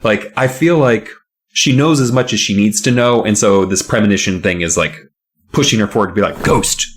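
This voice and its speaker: A man co-hosting a casual chat, recapping a book with jokes and quick silly voices for the characters. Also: on the low side. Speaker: podcast co-host recapping a book.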